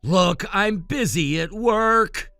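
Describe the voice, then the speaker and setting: A man's voice: high voice, animated, slow pace, bright, forceful tone, no room sound. A man voicing an adult son who answers his sister in a brusque, dismissive way. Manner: brusque, defensive. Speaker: narrator reading a text story. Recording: dry, faint music behind.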